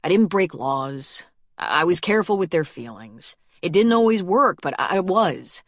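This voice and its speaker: A woman voicing a stubborn, gruff-talking man. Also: lowish voice, animated, moderate pace, no echo, clean studio sound. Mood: rueful. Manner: blunt, plain-spoken, a little gruff. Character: earnest stubborn grown man, defending his new love. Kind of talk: audiobook character reading.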